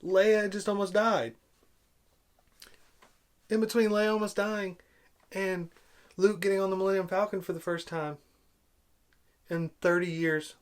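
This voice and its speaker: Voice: mid-range voice, flat delivery, unhurried, pauses often. Sarcastic, exasperated ranting vlogger. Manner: sarcastic, exasperated, rhetorical questions. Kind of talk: angry film-review rant.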